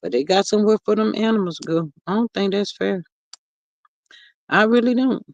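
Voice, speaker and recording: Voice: mid-range voice, gravelly, dry recording. Gossipy host with a dry, close sound. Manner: gossipy and chatty, full of fillers and drawn-out asides. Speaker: livestream host. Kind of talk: casual livestream chat, reading viewer comments. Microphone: streaming mic close up.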